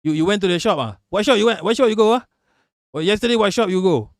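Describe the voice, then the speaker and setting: A man's voice: high-pitched, lively intonation, fast, dry recording, clean studio sound, voice pushed up. A man voicing a chatty Malaysian man with a heavy Malaysian English accent, talking in choppy phrases that repeat words and end on "ah". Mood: nosy. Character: chatty Malaysian man, everyday street talk.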